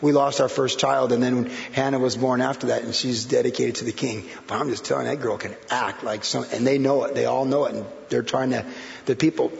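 A man's voice: mid-range voice, steady tone, fairly quick, gravelly. A middle-aged man preaching a sermon as pastor, in a loose conversational way with many fillers and repeated phrases. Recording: roomy hall echo, dull sound.

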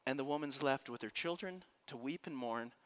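A man preaching a sermon to a room and listeners at home, telling a story with passion and dropping from loud to hushed. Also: medium pitch, normal speed. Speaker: pastor. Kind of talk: sermon to a live congregation. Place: room with an audience.

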